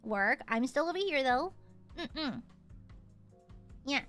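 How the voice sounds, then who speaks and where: A woman's voice: high voice, lively intonation, takes it slowly, fairly bright tone, faint music behind. A young woman with a subtle Southern US accent, chatting casually and playfully as a streamer while reading donations. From United States. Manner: chatty, playful, pouty teasing.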